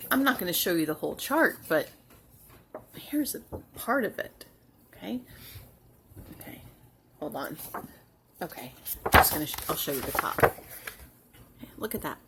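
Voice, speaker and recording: A woman hosting a home cross-stitch video, chatting casually and sounding tired, with soft asides that trail off. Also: on the high side, slight background noise. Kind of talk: casual chat to camera.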